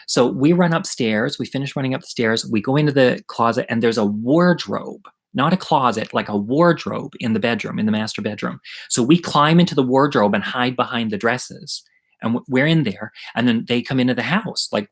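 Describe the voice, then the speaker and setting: A man's voice: medium pitch, brisk, rough recording. A middle-aged man telling a story from his childhood in a chatty, rambling way, swearing freely, as the host of an online story hour. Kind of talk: casual live-streamed storytelling.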